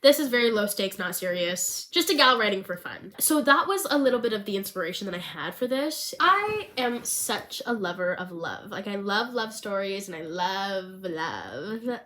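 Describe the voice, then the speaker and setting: A woman chatting casually in a vlog about writing a screenplay for fun. She rambles in a bubbly way, fills her talk with "like", and sometimes drops into a soft, hushed tone. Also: medium pitch. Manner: bubbly, rambling, full of "like" fillers. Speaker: vlogger and hobby screenwriter.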